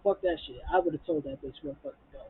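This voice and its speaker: A woman with a low, slightly rough voice talks fast, recapping a reality TV episode as a vlogger. She's blunt, profane, and heated, acting out quotes from the show, and the audio sounds tinny, like a phone.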